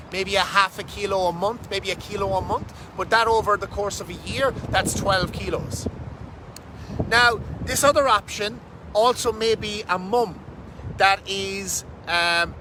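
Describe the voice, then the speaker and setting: A fitness coach talks straight to camera in a quick, punchy, casual way, dropping the odd swear word. His voice sits high for a man and sounds bright and sharp. Wind and distant traffic hiss faintly behind him, recorded outdoors. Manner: fast, energetic, swears casually. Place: outdoors under a bridge, windy.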